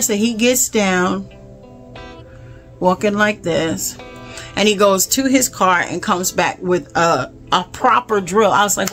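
An animated woman vlogger tells a story in a casual, exasperated way and keeps turning to her viewers. Her voice sits at an ordinary middle pitch, and faint music plays underneath. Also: slow. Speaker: home vlogger.

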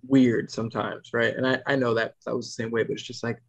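A man's voice: medium pitch, level tone, fast. A man in his thirties hosting a casual podcast, rambling through a family story with restarts and mimicking his kids. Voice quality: gravelly. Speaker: podcast host. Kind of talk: casual chat. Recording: dull lo-fi podcast sound.

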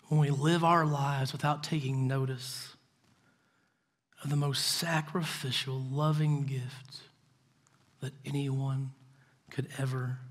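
Man, pastor, sermon, earnest storytelling, soft intense drops, slightly high pitch. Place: church.

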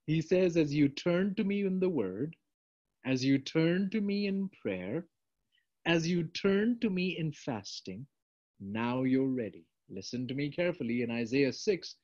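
A man's voice: on the high side, sing-song, unhurried. Emphatic preacher man, dull recording. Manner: emphatic, swinging between loud urgent appeals and quiet asides. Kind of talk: sermon. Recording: dull, lo-fi sound.

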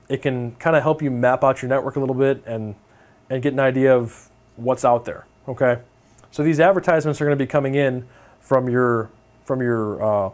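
A young man teaching a networking course in a relaxed, conversational way, often checking in with his listeners. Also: mid-range voice. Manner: casual, filler-heavy, keeps checking in with okay. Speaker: networking instructor. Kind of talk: technical lecture over screen demo.

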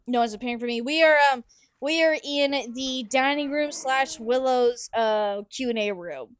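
A young woman with a high-pitched voice and moderate pace hosts a laid-back game livestream. Between giggles and chatter with viewers, she yawns between sentences as she plays.

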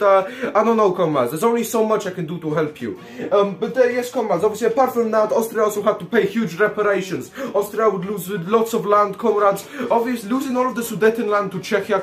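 A man hosting a comedic history explainer, joking and swearing and calling his viewers comrades. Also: high-pitched. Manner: profane, jokey, calls the audience comrades constantly. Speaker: history video host.

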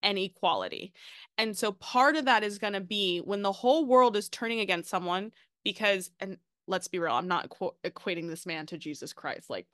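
Podcast guest, woman, bright forceful voice, dry close sound, emphatic and animated. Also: mid-range voice, a little fast, no echo. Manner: animated, emphatic, with frequent "like" asides. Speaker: podcast guest, marketing consultant. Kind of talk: casual podcast chat.

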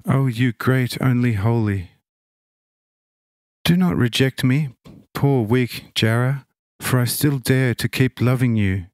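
A man voicing an enraptured, devout young woman who stammers out slow, awed exclamations as she sees heaven open. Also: medium pitch, darkish tone, dry recording, studio quality, natural voice. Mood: pleading.

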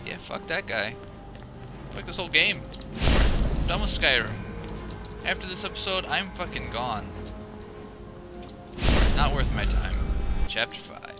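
Excitable man swearing through gameplay. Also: on the high side, a little slow, long pauses, over loud music. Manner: profane, excitable, thinks out loud, yelps at scares. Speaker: let's play gamer. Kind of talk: live gameplay commentary. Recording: loud game sounds under voice.

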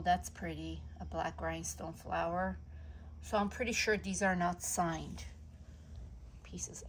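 A woman vlogger showing her collection of jewelry books in a casual show-and-tell, talking softly and admiringly and stumbling when she reads aloud. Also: fairly low pitch, slight background noise, low-quality recording. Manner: slow, soft-spoken, admiring, stumbles when reading aloud.

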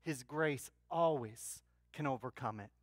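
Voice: medium pitch, measured pace, no room sound. A pastor preaching a sermon in church, telling stories with humor and energy. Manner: animated storytelling with humor.

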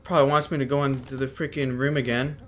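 A man's voice: mid-range voice, level tone, fast. A young man giving horror game commentary, jumpy and slangy, yelping when startled and talking back to the game. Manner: slangy, keeps saying dude and bro. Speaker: gaming video host.

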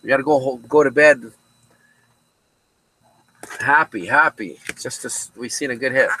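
A man's voice: medium pitch, normal speed, pushed and bright, slight background noise, poor audio. A man hosting a casual card break from a card shop, chatting with viewers by name as he calls out each card.

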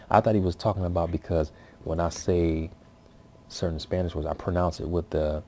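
Deep-voiced man rambling casually at home. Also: steady tone, quick pace, mellow. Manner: loose, rambling, filler-heavy with many restarts. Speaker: vlogger commenting on his language practice videos. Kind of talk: casual spoken commentary. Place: at home, with his baby nearby.

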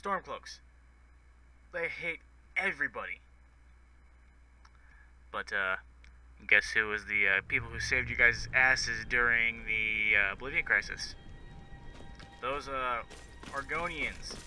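A man's voice: medium pitch, takes it slowly, long pauses, pushed and bright. Male gamer, swears a lot, rants while playing, noisy home recording. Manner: profane, ranting, rambling. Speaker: let's play gamer. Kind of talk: casual gameplay commentary.

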